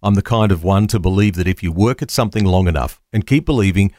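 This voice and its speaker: A man reading a scripted radio devotional as a story, in an expressive manner. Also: deep voice, fast talker, no echo, clean studio sound. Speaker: devotional reader.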